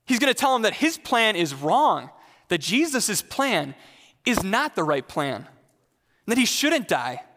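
A man's voice: high-pitched, very animated, a little slow, sharp tone, long reverb tail. A male pastor preaching a sermon in a conversational way, putting questions straight to the congregation.

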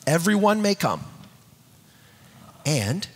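A man preaching a sermon, emphatic and repetitive, dropping to soft low tones when reading scripture. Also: huge pitch swings, slow pace, long pauses. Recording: long hall reverb, husky.

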